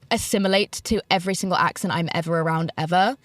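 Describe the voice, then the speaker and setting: A woman's voice: mid-range voice, a little fast, a bit bright, no room sound, studio quality. A young British woman in her twenties hosting a solo podcast from inside a parked car, rambling and self-deprecating and packing her talk with fillers. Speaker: podcast host. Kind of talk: casual solo podcast chat.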